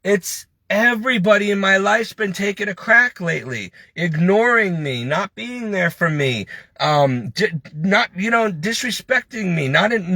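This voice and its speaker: A man's voice: sits high, animated, measured pace, bright, forceful tone, dry recording. A man venting in a heated, preachy monologue, scolding and then complaining with frustration. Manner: frustrated, self-pitying. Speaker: lay preacher.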